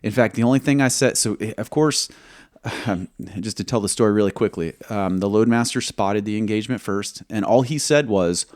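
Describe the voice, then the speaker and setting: A man who served as a military pilot, telling a combat story in an interview, measured and halting, acting out quoted dialogue. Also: fairly low pitch, darkish tone, no room sound, studio quality.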